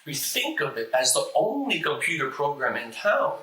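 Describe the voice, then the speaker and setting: Man with a stutter, recited lecture, bright voice, slow deliberate pauses, echoey room. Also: fairly high pitch, sing-song. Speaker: host reciting a famous lecture.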